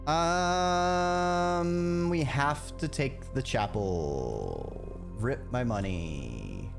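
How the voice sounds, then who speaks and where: A man's voice: medium pitch, animated, very slow, creaky, over music. A man streaming a video game, chatting his way through it and now and then breaking into exasperated outbursts. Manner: chatty, reacts aloud with sudden exasperated outbursts. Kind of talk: live gameplay commentary.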